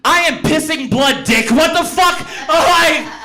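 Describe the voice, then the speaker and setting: A man's voice: extremely high pitch, sing-song, moderate pace, bright, forceful tone. A man in his twenties from San Jose performing a crude, rambling, self-mocking stand-up set full of swearing. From San Jose, California. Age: 20s. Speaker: stand-up comedian. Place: comedy club stage.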